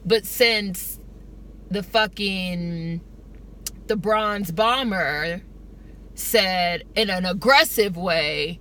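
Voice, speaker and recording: An American woman in a car, ranting in an emphatic, profane, fast-talking way for her vlog. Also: mid-range voice, sharp tone. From United States. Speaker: vlogger.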